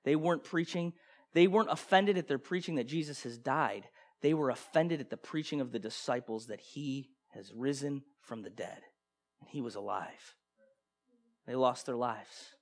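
A man preaching a sermon with passion, firing rhetorical questions and swinging between loud bursts and hushed intensity. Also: mid-range voice, normal speed.

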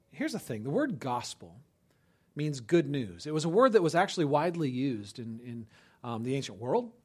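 A man preaching a conversational sermon, checking in with listeners and breaking into loud, animated bursts for emphasis. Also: medium pitch. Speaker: pastor.

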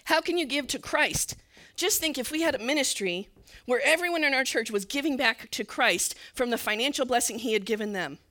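High, bright-voiced woman preaching. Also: expressive, a little fast. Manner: earnest, drops to a soft near-whisper at tender moments. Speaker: church leader. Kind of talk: sermon storytelling.

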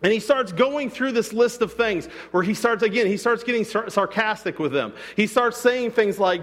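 A man's voice: sits high, animated, normal speed, few pauses, a bit bright. A man preaching a sermon as pastor, talking casually and acting out quotes, sometimes with sarcasm. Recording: long reverb of a church hall.

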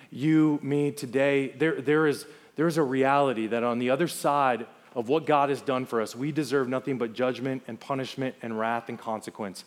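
A man's voice: medium pitch, steady tone, moderate pace, few pauses. A man preaching a sermon as pastor, emphatic, building through repeated lists and rhetorical questions. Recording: long reverb of a hall.

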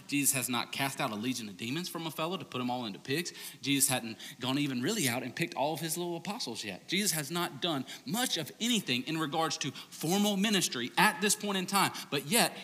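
A man preaching a sermon as pastor, telling stories in a loose, conversational way and dropping to a hush for key points. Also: quick pace, hardly any pauses. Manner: conversational storytelling, animated, ends low and hushed. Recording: long reverb of a large hall.

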